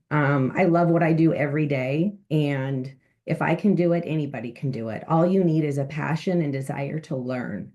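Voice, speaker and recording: A woman's voice: low voice, a little mellow. A woman speaking earnestly on a panel about changing careers, with frequent fillers. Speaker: panel speaker, former insurance worker. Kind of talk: heartfelt testimonial on a video call.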